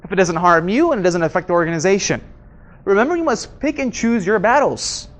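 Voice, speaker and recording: A man teaching a workshop to a live audience, quizzing the room and acting out his examples in an animated way. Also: high-pitched, brisk. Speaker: workshop instructor. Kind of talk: interactive seminar lecture.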